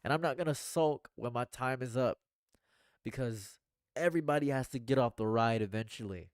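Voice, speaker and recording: A man's voice: mid-range voice, moderate pace, dry recording, studio quality. Earnest rambling man on a livestream. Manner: earnest, repetitive, swings from hushed to excited. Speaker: commentary streamer.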